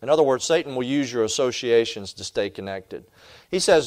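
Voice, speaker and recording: A male pastor preaching a fiery sermon, swinging from loud challenges down to quiet asides. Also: medium pitch, lively intonation, brisk.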